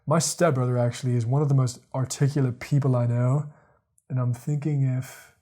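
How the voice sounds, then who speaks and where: A man hosting a podcast, thinking out loud in a rambling casual monologue, repeating words and using lots of fillers. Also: mid-range voice, steady tone, a little fast. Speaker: podcast host. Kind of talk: casual monologue, reading quotes aloud.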